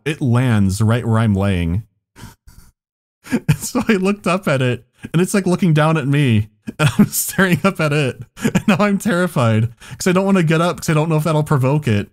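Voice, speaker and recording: A man's voice: fairly high pitch, darkish tone. A man on a podcast telling a story in casual chat, laughing often and swearing as he goes. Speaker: podcast co-host.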